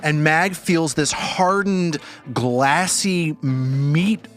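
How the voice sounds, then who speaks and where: A man's voice: on the high side, extremely slow, fairly bright tone, soft background music. A man running a tabletop game as game master, narrating the action dramatically.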